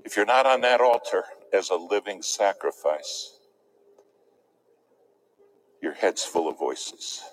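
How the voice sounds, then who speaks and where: A man preaching a sermon in a church, telling a story with dramatic swings between loud emphasis and hushed near-whispers. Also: low voice, lively intonation, takes it slowly, pauses often, a little hiss or hum, low-quality recording.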